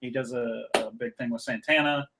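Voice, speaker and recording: A man hosting a live comedy podcast, chatty with quick asides. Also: mid-range voice, fairly even intonation, background noise. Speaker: podcast host. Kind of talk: casual chat.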